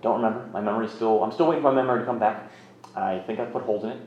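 Racing along in a lowish, darkish voice, a man in his thirties relates his recovery story with rambling candor and self-mockery. The recording is roomy and slightly muffled, with some background noise.

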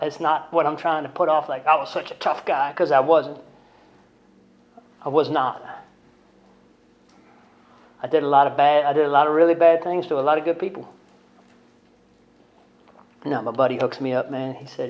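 A man telling his recovery story to a group in a blunt, conversational way, often tagging lines with "right?" and "man", with self-deprecating humor. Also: on the high side. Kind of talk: candid storytelling talk to a group. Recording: dull lo-fi recording.

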